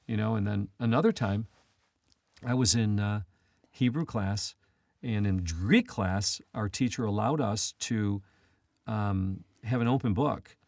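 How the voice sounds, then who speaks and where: Low-voiced man telling rambling stories. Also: unhurried, darkish tone, no echo, studio quality. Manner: rambling anecdotes, frequent "he goes" and restarts. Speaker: co-host of a Christian talk show. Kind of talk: casual storytelling chat.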